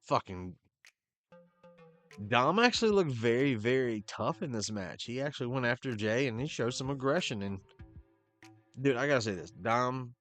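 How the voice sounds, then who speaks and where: A man's voice: mid-range voice, lively intonation, moderate pace, long pauses, a bit bright, soft background music. A man hosting a podcast, recapping a wrestling show in a casual, profane way and quoting the wrestlers in loose impressions. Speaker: podcast host.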